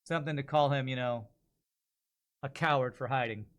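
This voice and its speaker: A man streaming while he works on voice-over lines, thinking out loud and correcting himself as he goes. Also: medium pitch, moderate pace. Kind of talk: casual live stream chat.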